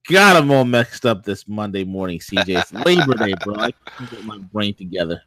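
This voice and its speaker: Hypey low-voiced man hosting a show. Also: lively intonation, normal speed, few pauses, pushed and bright, dry recording. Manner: playful, hypey, rambling with restarts. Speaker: show host. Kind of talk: casual morning show chat.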